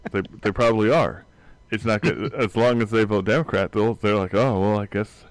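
A man co-hosting a casual chat, dry and deadpan, arguing his points one by one. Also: on the low side, fairly quick, dry recording. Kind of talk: casual banter.

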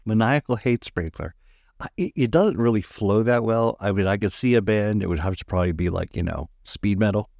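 A man's voice: on the low side, brisk, creaky, a little mellow, no echo. A man in casual podcast chat, joking and laughing often.

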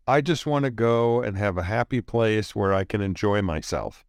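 A man co-hosting a podcast in casual chat, teasing and animated. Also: fairly low pitch, moderate pace, no room sound. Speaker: podcast co-host.

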